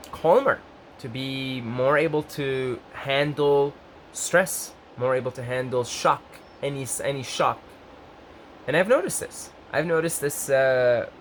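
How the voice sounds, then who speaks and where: Rambling, excitable young man vlogger. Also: a little hiss or hum. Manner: rambling, self-interrupting, lively pitch jumps when excited. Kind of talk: casual talk to camera.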